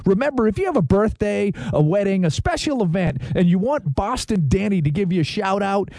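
Man, show host, gravelly, mellow, animated pitch, upbeat intros, dry close mic. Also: a little fast, no room sound. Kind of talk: casual radio-style hosting.

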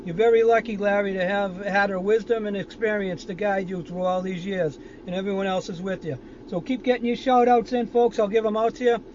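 Boston man, 50s, upbeat caller, high voice, dull outdoor phone-style recording. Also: fairly even intonation, fairly quick, few pauses, darkish tone, slight background noise. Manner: folksy, upbeat well-wishing. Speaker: caller giving birthday shout-outs. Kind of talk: casual recorded shout-out.

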